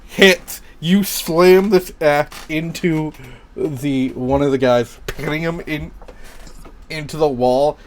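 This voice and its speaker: A man's voice: fairly high pitch, steady tone, takes it slowly. A man running a tabletop game, taking his time over each line. He talks casually, laughing and cursing freely. A faint hum of room ambience sits behind him. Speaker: game master.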